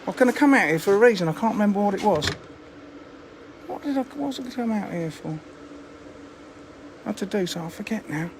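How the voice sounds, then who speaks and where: A rambling, chatty man live streams on a handheld phone. His voice sits high for a man, and a faint hum of noise runs behind him. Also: expressive, brisk, pauses often. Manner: chatty, rambling, self-mocking. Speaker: fishery owner live streaming. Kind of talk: casual live-stream chat. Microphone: phone camera held in hand.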